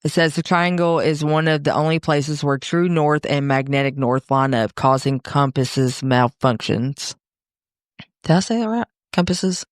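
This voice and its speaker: A woman with a Southern US accent co-hosting a podcast in casual chat, bubbly and quick to apologize. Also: deep voice, no echo, clean studio sound. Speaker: podcast co-host.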